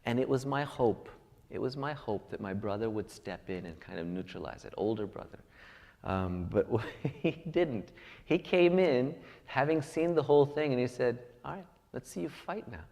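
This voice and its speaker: A man's voice: mid-range voice, normal speed, gravelly, a little mellow. A man preaching a sermon to a congregation, telling personal stories and building to emphatic points. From United States. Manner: storytelling, rising to emphatic peaks. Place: large church hall. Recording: long reverb of a church hall.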